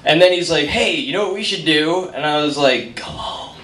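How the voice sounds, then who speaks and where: This is live stand-up storytelling: a man with a slightly high voice and moderate pace recounts a comic, self-deprecating tale in a bar, imitating the people he quotes as the crowd laughs. It's captured on a distant mic, roomy and noisy.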